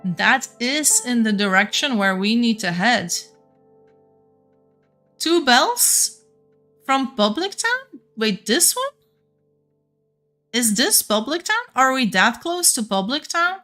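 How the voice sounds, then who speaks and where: A woman's voice: a little high, animated, measured pace, bright, forceful tone, faint music behind. Young Flemish woman streaming a game. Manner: chatty, thinks aloud, restarts sentences. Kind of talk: casual live-stream chat while playing.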